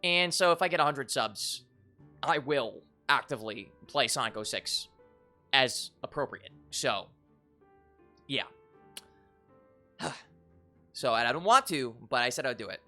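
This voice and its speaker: An excitable streamer talking casually on a live stream, with a bright voice and a lively swing in pitch. The talk is joking and crude, jumping high and loud when worked up. Faint game music sits under the voice. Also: a little slow, long pauses.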